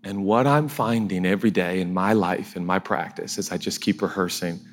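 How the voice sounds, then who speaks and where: A man's voice: low voice, moderate pace, slight background noise. A man preaching a sermon in an emotional, conversational way, often laughing as he talks.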